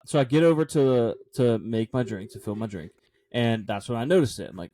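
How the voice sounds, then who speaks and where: A man's voice: mid-range voice, fairly quick, dark tone. A young man co-hosting a casual podcast, telling a self-deprecating story and laughing often. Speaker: podcast co-host.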